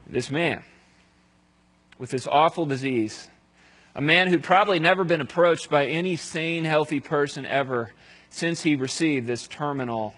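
A male pastor giving a conversational sermon, telling the story aloud and dropping to a hush at solemn moments. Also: a little high, rough recording.

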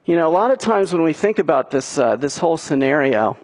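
A man's voice: on the high side, sing-song, fairly quick. A man preaching a sermon as a pastor, earnest and pushing his points with emphatic questions.

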